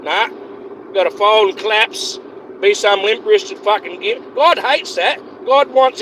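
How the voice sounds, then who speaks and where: A man delivers a heated, profane livestream rant, circling back over his points again and again. His voice sits high for a man. Faint hiss runs under him. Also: a bit bright. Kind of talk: ranting livestream monologue.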